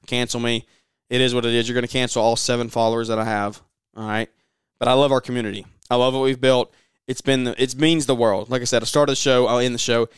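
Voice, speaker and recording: A man's voice: medium pitch, a bit bright, dry recording, studio quality. A man hosting a motivational podcast, urging listeners on with passion and lots of repetition. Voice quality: raspy. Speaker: podcast host.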